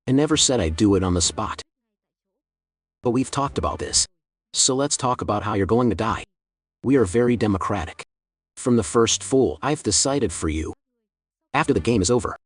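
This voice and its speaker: A man's voice: on the low side, expressive, moderate pace, slightly rough, dry recording. A man voicing a cold, scornful male clown who runs a deadly game, in a recap story narration. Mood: cold mocking.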